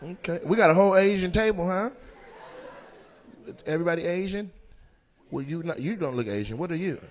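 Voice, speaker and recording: A man doing stand-up crowd work in a comedy club, teasing audience members with loud banter and putting on their voices. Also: high-pitched, expressive, brisk. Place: comedy club stage before a live audience. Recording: faint crowd ambience, audience laughter.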